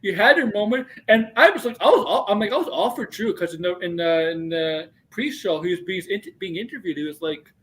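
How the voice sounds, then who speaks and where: A man hosting a casual wrestling podcast, excitable and rambling, swearing freely. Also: sits high, a little fast, hardly any pauses. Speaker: podcast host.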